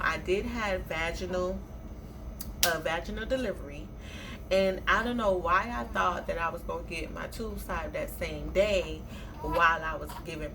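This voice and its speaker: Young adult woman vlogger, lowish voice, chatty animated storyteller, steady background noise. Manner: chatty, animated retelling with playful asides. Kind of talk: casual storytime.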